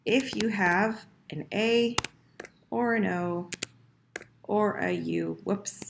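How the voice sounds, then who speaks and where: A woman's voice: fairly low pitch, vocal fry, a little hiss or hum. A woman teaching French verb conjugation in a screen-recorded lesson, patient and correcting herself as she types. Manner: patient, self-correcting, talks while typing.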